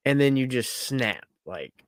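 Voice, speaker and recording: A man's voice: mid-range voice, very animated, a little slow, dry recording. A man co-hosting a podcast, chatting casually, laughing easily and swearing as he reminisces. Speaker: podcast co-host. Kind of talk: casual banter.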